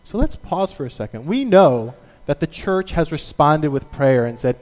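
A man preaching a sermon as a pastor, telling stories in an animated way and acting out the quotes. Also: on the high side, normal speed, big-room sound.

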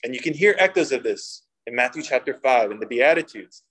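A young man preaching a sermon, mixing humorous personal stories with scripture and lively voiced quotes. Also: medium pitch, brisk, few pauses, breathy edge, low-quality recording. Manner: storytelling with humor, animated quoting. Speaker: pastor.

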